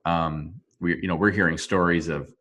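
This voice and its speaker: Man, deep voice, interview guest, earnest, halting, video call audio. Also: steady tone, fairly bright tone. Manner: earnest, halting, with frequent restarts. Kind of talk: remote interview.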